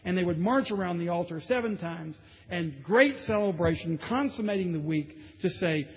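Emphatic preacher in a reverberant church. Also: male voice, fairly high pitch. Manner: emphatic, building intensity with repetition. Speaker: pastor. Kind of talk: sermon. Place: large church sanctuary. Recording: dull sound with long hall reverb.

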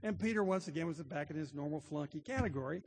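A man's voice: on the high side, lively intonation, fast talker, a little mellow, a little hiss or hum. A man preaching a sermon, telling stories earnestly and building to emphatic points. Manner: earnest storytelling, rising to emphatic. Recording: long hall reverb.

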